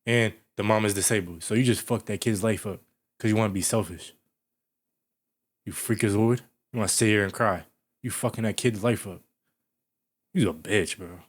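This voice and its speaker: A man hosting a reaction video, commenting loudly and profanely and scolding the person on screen. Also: on the low side, moderate pace, long pauses.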